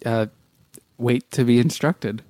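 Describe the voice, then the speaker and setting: A man's voice: medium pitch, fairly even intonation, slow, warm tone, natural voice. A man playing a polite woman passenger. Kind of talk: improvised comedy sketch.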